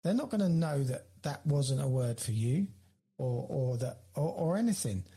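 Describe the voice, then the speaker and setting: A man's voice: mid-range voice, expressive, moderate pace, mellow, husky. A man, a ministry leader guest, talking in an encouraging way with stammering restarts. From United Kingdom. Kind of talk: casual ministry conversation.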